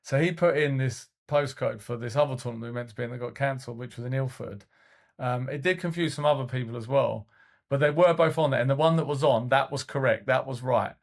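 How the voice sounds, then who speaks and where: A man's voice: medium pitch, quick pace, vocal fry. A man co-hosting a casual podcast, telling coaching stories in a rambling way full of fillers and restarts. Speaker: podcast co-host and youth football coach.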